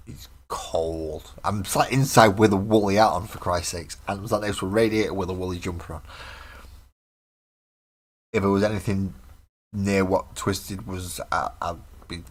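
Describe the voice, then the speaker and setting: A man chatting casually and self-mockingly to viewers while painting miniatures at home on a live stream. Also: low-pitched. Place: home room indoors.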